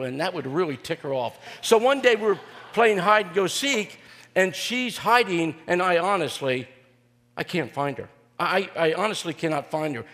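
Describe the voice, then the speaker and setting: An older male pastor with a slightly high voice delivers a homespun sermon full of humor and filler pauses. His voice rings with the long reverb of a large hall. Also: fairly bright tone. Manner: folksy and joking, with frequent "uh" fillers. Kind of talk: sermon with personal storytelling.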